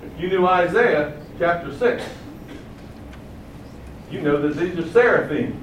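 A man preaching a sermon, asking rhetorical questions and booming out quoted acclamations. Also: animated, measured pace, echoey room, recorded from a distance, slight background noise, rough recording.

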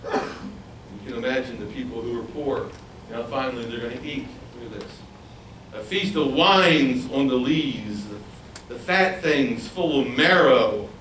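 A man's voice: mid-range voice, unhurried, slight background noise. A man preaching a sermon, asking his listeners questions and acting out the voices of others. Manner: animated, asks the audience questions, acts out voices. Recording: roomy, from a distance, faint ambience.

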